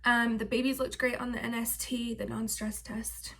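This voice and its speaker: A woman's voice: a little high, level tone, normal speed, vocal fry, a bit bright. A young woman vlogging casually about her pregnancy, chatty and full of "like" and "um" fillers. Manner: chatty, filler-heavy with frequent "like" and "um". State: heavily pregnant.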